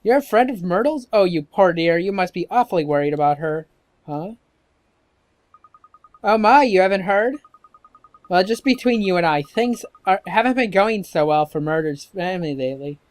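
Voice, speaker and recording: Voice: mid-range voice, lively intonation, normal speed, close to an everyday voice. A gamer voicing a fussy, gossiping old woman neighbor while reading game dialogue aloud. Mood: gossipy. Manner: gushing, gossipy. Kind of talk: let's-play dialogue read aloud.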